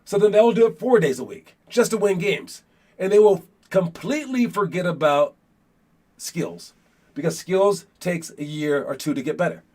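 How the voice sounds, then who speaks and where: A man's voice: high voice, lively intonation, normal speed, darkish tone. A man coaching basketball, talking casually to viewers in a rambling way, with many fillers and repeated words. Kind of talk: casual livestream talk.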